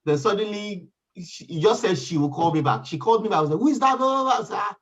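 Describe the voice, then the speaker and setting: Man, panel guest, animated storyteller, fairly high voice, dull lo-fi recording. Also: fast talker. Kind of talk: casual panel chat, personal story. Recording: dull lo-fi sound.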